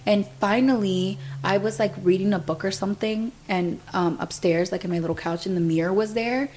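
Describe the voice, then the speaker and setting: A woman's voice: mid-range voice, brisk, darkish tone. A young adult woman hosting a podcast, telling a story in a casual, chatty way and filling her speech with "like". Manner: chatty, fills speech with "like", retells events through quoted dialogue. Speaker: podcast host.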